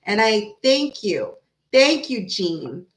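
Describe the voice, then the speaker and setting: A woman hosting a casual live tarot reading, chatty and animated, talking straight to her viewers. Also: mid-range voice, slow, echoey room, noisy background. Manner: chatty, animated, laughs often, talks to her chat. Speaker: tarot reader and live stream host.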